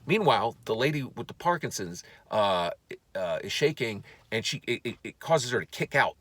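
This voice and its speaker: A man, a comedian, telling a story for laughs in an animated, profane way, often stammering and restarting. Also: medium pitch, moderate pace, no room sound.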